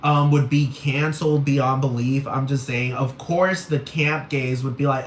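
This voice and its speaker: A man ranting in a profane, animated, comedic way, laughing often as he goes. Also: on the high side, measured pace, few pauses. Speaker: vlogger. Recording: roomy echo, faint room noise.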